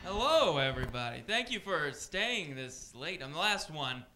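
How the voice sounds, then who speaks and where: A man's voice: on the high side, big pitch swings, moderate pace, loud music behind the voice. A man opening his stand-up set on a comedy club stage, engaging the audience in a friendly way.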